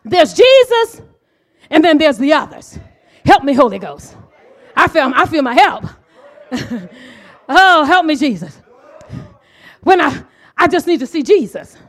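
A middle-aged woman preaching a sermon, impassioned, swinging from hushed asides to shouted declarations. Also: sits high, big pitch swings, measured pace, long pauses.

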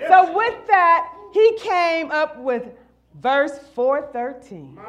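A middle-aged woman preaching a sermon, calling out to the congregation and building to shouted refrains. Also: high-pitched, sing-song, takes it slowly, some chatter behind. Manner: call-and-response, rising to shouts.

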